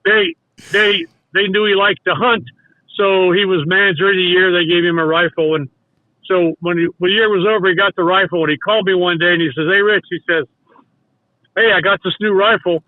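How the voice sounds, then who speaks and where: Older man as a guest storyteller. High voice, dry and tinny like a phone line. Rambling anecdotes full of restarts and quoted dialogue. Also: a little fast, dry recording. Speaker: guest, former baseball coach. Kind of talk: casual storytelling.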